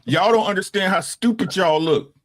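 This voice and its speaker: A older man in his sixties on a casual talk show, with a slightly high voice for a man. He lays out his opinions bluntly and profanely, stopping to check in with a "right?" after nearly every point. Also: normal speed, a bit bright. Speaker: podcast co-host.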